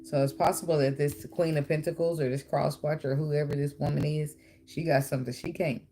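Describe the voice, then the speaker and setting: A woman gives a casual, animated tarot reading, talking straight to her viewers. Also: low voice, brisk, faint music behind. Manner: animated, talks to viewer, bursts into song and laughter. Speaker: tarot reader.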